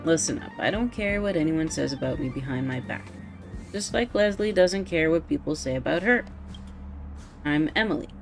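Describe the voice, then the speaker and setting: A woman's voice: sits low, expressive, moderate pace, faint music behind. A woman voicing a blunt, prickly young woman researcher who talks curtly and defensively, reading game dialogue aloud. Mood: defiant. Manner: curt and defensive.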